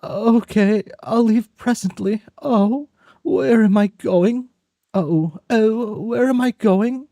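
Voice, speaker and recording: A man's voice: sits high, slow, dark tone, no room sound, voice pushed up. A man voicing a timid young male troll who stammers through hesitant questions. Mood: polite.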